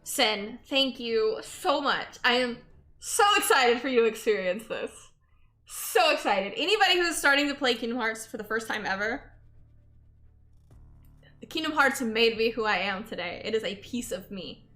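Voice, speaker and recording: Young woman, high bright voice, bubbly casual stream chat, sleep-deprived, faint music behind. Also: animated, normal speed. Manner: bubbly, laughs often, reads chat aloud.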